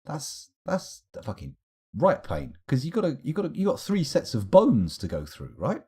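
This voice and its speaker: A man's voice: a little high, huge pitch swings, normal speed, warm tone, slightly rough. A young man streaming a game live, rambling through wry, self-correcting musings as he plays.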